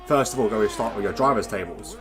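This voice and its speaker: A man's voice: lowish voice, brisk, music in the background. A man hosting live sim-racing commentary, chatty and rambling, reading out standings with self-deprecating asides. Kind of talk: live esports race commentary.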